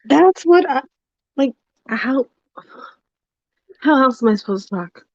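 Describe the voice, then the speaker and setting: A woman's voice: sits high, lively intonation, takes it slowly, dry recording. Playful woman co-host, dry dull sound. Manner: playful, teasing. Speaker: podcast co-host. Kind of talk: casual chat.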